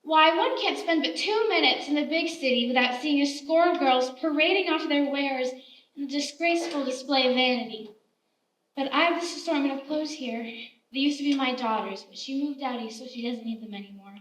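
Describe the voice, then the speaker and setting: A woman's voice: high-pitched, a little fast, a bit bright, recorded from a distance. An actress playing a motherly, scolding frontier woman who bakes biscuits, acted live on a theater stage. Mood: chatty scolding. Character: kindly, bossy frontier woman baker. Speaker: stage actor. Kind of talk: live stage play acting. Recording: roomy theater stage, heard from afar.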